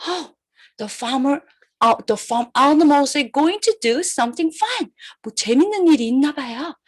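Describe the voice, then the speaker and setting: Animated kindergarten teacher. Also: female voice, high voice, racing. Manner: animated, playful, with animal sounds and gasps. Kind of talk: children's storytelling with toys.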